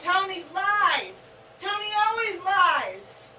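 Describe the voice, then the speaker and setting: A woman plays a suspicious older sister with a very high, bright voice, scolding at an unhurried pace. She is caught from far off on a roomy stage with some noise around her. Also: big pitch swings, exaggerated voice. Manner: scolding, gossipy. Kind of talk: stage play acting.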